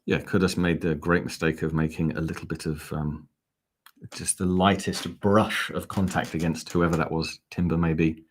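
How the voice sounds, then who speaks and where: A man's voice: low voice, flat delivery, moderate pace, a little hiss or hum. A man hosting a live football fan watch-along, calling the play and chatting back to viewer comments. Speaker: fan channel host.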